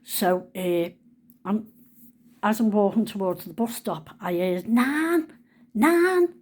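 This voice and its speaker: A woman's voice: lowish voice, fairly even intonation, a little slow, warm tone. A woman, telling a personal story in a chatty, homely way.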